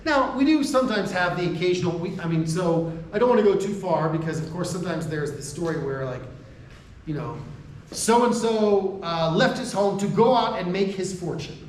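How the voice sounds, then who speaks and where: With a high voice at a moderate pace, an American man delivers a conversational university lecture to faculty, repeatedly asking "right?", restarting sentences, and laughing between points. The lecture-room recording is echoey and distant, with a little hiss or hum.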